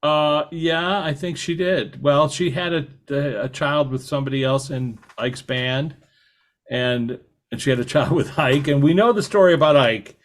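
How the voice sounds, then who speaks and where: A man hosting a podcast interview, talking in a halting way with many fillers and restarts. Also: a little high. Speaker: podcast host. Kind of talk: conversational interview.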